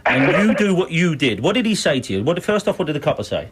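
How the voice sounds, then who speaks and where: A man hosts a breakfast radio show with a high, bouncy voice that swings all over the place. He banters, jokes and laughs freely, and a faint hiss sits under the line. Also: quick pace. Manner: lively, jokey, laughing banter. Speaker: radio host.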